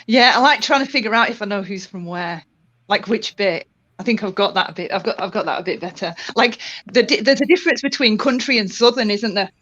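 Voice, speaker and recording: A woman's voice: medium pitch, expressive, fairly quick, fairly bright tone. A woman with a Northern English accent, chatting casually and laughing often. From Northern England. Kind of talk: casual chat. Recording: dull lo-fi audio.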